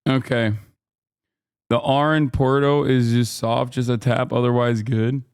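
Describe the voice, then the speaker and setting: A man in his thirties streaming reaction commentary, animated and joking as he reads from his chat, on a close desk mic. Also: medium pitch, a little slow, clean tone, no room sound.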